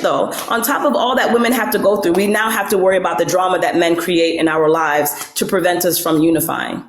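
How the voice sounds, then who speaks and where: A woman's voice: on the low side, fairly even intonation, brisk, hardly any pauses, roomy sound, a little hiss or hum. A woman hosting a casual livestream chat, blunt and swearing freely, rambling with restarts. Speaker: livestream host.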